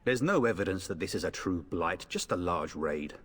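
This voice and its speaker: A cocky young noble knight. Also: male voice, deep voice, expressive, moderate pace, husky. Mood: jaunty. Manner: jaunty, teasing, bold. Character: confident eldest noble son, young knight. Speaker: game character.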